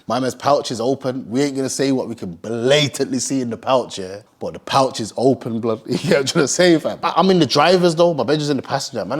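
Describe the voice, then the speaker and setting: Speaking quickly with few pauses in a mid-range voice, a young Birmingham man who founded a streetwear brand recounts a story. His casual, slang-heavy delivery is lively, and he voices the characters as he quotes them.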